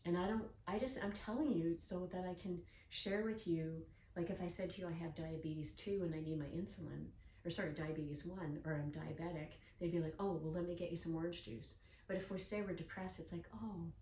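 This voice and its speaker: A woman's voice: lowish voice, brisk, a little mellow. Older woman host, earnest storyteller, echoey distant recording. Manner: earnest, storytelling, acts out quoted voices. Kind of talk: casual interview chat. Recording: echoey room from far off with faint noise.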